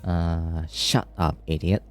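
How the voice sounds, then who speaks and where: A man's voice: low-pitched, little pitch movement, slow pace, faint music behind. A man streaming a game, reading its dialogue aloud with playful asides. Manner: reads lines aloud with playful asides and frequent laughter.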